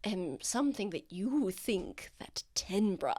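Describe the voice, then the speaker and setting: A woman's voice: mid-range voice, big pitch swings, slow, dark tone. A woman voicing a refined, knowing noblewoman with a genteel, drawling manner. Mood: poised, knowing. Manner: genteel, drawling, says darling.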